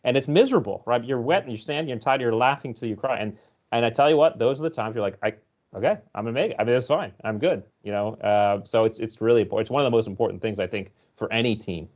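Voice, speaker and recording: A man being interviewed as a guest author, explaining ideas and telling stories in a lively conversational way. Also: mid-range voice, quick pace, lo-fi sound. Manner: storytelling, explanatory, animated when recounting.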